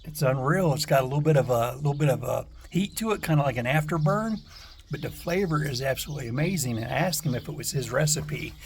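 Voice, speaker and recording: A man vlogging casually from outdoors on a store porch, talking in a relaxed, halting way with many pauses and fillers. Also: mid-range voice. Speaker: travel vlogger on a bike trip. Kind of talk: casual vlog.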